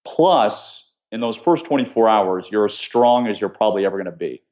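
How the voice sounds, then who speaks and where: A man's voice: fairly low pitch, moderate pace. A man, a former intelligence officer, explaining survival techniques step by step as a guest in an interview. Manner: steady, instructive, explains step by step with examples. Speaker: guest, former CIA officer teaching escape skills. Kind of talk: conversational interview.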